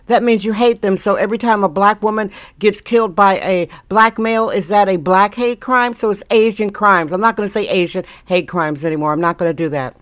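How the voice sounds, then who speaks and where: A middle-aged woman hosting her own daily talk show, ranting bluntly with sarcastic asides. Her voice sits at an ordinary pitch for a woman. The recording is dry and close, with no room sound. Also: fairly quick, hardly any pauses, dry recording. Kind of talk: casual opinionated monologue.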